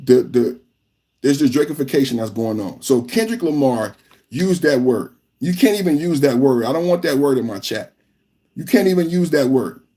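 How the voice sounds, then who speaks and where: A podcast host from California, giving live reaction commentary in an emphatic, repetitive rant. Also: male voice, medium pitch, expressive, normal speed, mellow.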